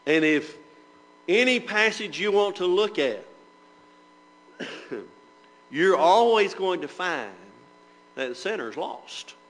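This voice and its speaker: A man with a somewhat high voice delivers a Bible class sermon. He keeps putting rhetorical questions to his listeners and reads passages of scripture aloud in their old wording. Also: animated, takes it slowly, long pauses, fairly bright tone, rough recording. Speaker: preacher teaching church members.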